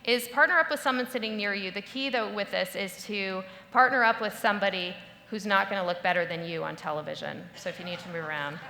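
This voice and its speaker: A woman giving a lively talk to a live audience, playful and instructive, acting out the voices she quotes. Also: mid-range voice, fast talker, gravelly, a little hiss or hum. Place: large hall before a live audience. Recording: echoey hall with long reverb, faint ambience.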